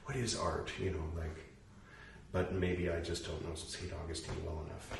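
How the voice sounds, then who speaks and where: A man's voice: deep voice, flat delivery, normal speed, gravelly. A man reading a text aloud and stopping often to muse over it and question it in a casual way. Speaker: reader and commentator. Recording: roomy echo, distant mic, faint noise.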